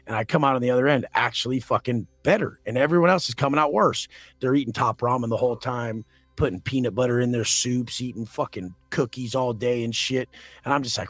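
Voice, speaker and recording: Husky, foul-mouthed man telling stories. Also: mid-range voice, brisk, fairly bright tone, no room sound. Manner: blunt, aggressive, swears constantly; acts out quoted confrontations. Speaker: podcast guest. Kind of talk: profane storytelling in a podcast interview.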